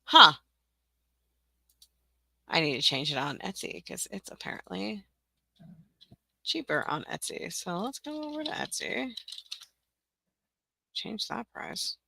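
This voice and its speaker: A woman's voice: medium pitch, big pitch swings, slow pace, vocal fry, pauses often, bright, forceful tone. A woman giving a casual screen-share tutorial, chatty and scattered, with frequent ums, self-corrections and muttered asides. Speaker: teacher-seller running a tutorial livestream.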